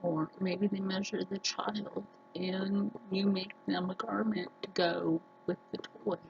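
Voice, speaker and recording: A woman vlogger talking earnestly to her viewers, telling personal stories slowly with many restarts. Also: mid-range voice, flat delivery, vocal fry, muffled recording, faint music behind. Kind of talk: casual personal talk to camera.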